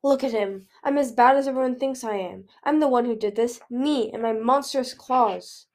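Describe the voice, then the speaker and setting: A woman's voice: a little high, moderate pace, a little mellow, natural voice. A woman voicing a young female dragon, pleading and distraught, in a read-aloud storybook. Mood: self-loathing. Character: young female dragon, guilt-stricken and fierce.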